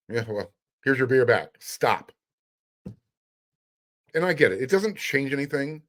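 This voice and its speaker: A man's voice: mid-range voice, animated, unhurried, pauses often, a bit bright. A middle-aged man hosting a sports podcast, talking casually in an emphatic, sarcastic, fired-up way.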